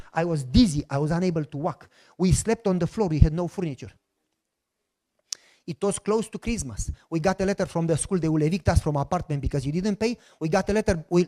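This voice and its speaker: A man's voice: on the high side, mellow. Emphatic preacher man telling his story. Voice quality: non-native broken English grammar. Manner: emphatic storytelling, imitates voices of others in quotes. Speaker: pastor. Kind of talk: sermon testimony.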